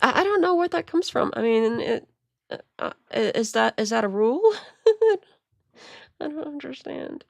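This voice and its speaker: A woman's voice: on the high side, animated, normal speed, gravelly, dry recording. A woman streamer giving rambling, laughing commentary on video clips. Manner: rambling, many restarts and laughs. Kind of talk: casual commentary.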